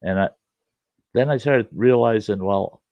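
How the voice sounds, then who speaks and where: A man's voice: on the low side, measured pace, dry recording. A man in his sixties, a host, telling a childhood story in a folksy, conversational way. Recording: dull lo-fi dry recording.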